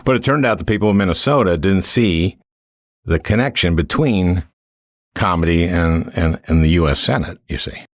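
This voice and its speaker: A man with a very low voice hosts a relaxed interview, dry and wry in his delivery. He stops and restarts his sentences often. The sound is close and dry, with no room around it. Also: moderate pace, dry recording. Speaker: podcast host. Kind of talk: casual interview chat.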